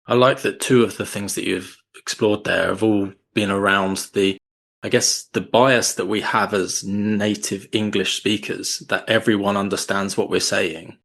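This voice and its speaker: A man hosting a podcast interview, asking questions and summing up in a measured, appreciative way. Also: on the low side, fairly even intonation, vocal fry, a bit bright. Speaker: podcast host.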